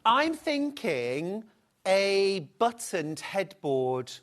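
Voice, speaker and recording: Woman with a lively sing-song delivery. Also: medium pitch, drawn-out words. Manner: enthusiastic, gushing over fabrics. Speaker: shopping show presenter. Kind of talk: live shopping chat.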